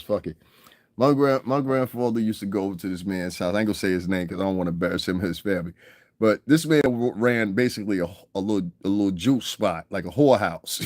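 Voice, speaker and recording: A man's voice: fairly low pitch, a little mellow, no room sound, clean studio sound. A man ranting on a casual livestream, profane and rambling, constantly asking if you understand and laughing at his own stories. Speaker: livestream commentator.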